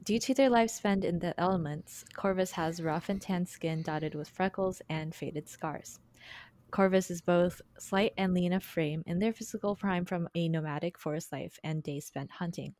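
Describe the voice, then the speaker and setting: A woman player in a tabletop game podcast, reading a prepared character description in a measured way. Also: on the low side, darkish tone, no echo.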